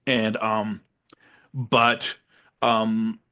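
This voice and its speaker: A young man co-hosting a casual movie podcast, retelling scenes with animated quick silly voices. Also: lowish voice, clear, resonant tone. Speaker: podcast co-host.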